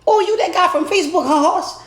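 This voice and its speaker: A man's voice: extremely high pitch, a little fast, a bit bright, echoey room, pitched above the performer's own voice. A man putting on a gushing woman fan. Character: gushing middle-aged woman fan flirting.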